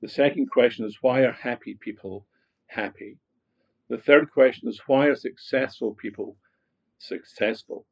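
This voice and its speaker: In lo-fi sound, a Scottish-accented man from Glasgow speaks in a mid-range voice at a moderate pace. A guest and motivational speaker, he reflects on his life with frequent fillers and restarts, gaining animation as he tells anecdotes.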